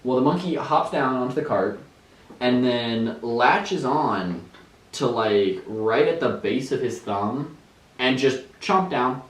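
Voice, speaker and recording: A man's voice: medium pitch, lively intonation, takes it slowly. A young man chatting casually as a podcast co-host, telling a story with lots of fillers and bursts of laughter. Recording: roomy, distant mic.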